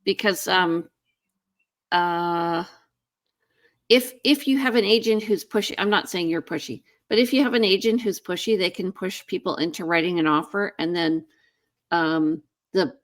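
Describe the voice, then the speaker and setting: Low-voiced woman hosting. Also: normal speed. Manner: friendly, talks with many ums and restarts. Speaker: real estate agent, host. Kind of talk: casual chat.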